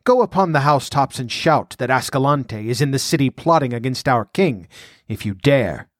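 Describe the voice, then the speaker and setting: A man's voice: mid-range voice, animated, no echo, clean studio sound, lightly acted. A man reading as a cold scheming outlaw lord. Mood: threatening. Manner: measured, scornful, domineering. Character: scheming ambitious male outlaw noble, cold and commanding.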